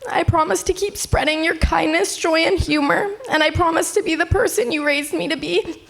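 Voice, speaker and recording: A woman's voice: extremely high pitch, normal speed, creaky, a bit bright. An eighteen-year-old woman reading a tender, heartfelt eulogy at a memorial gathering. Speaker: eulogy speaker, eldest daughter.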